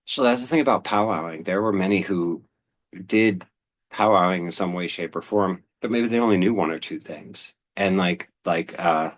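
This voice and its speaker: Very deep-voiced man chatting casually. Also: moderate pace. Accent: Pennsylvania. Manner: relaxed, rambling, with many "um"s and restarts. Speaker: host. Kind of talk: casual talk, reading aloud from an old newspaper.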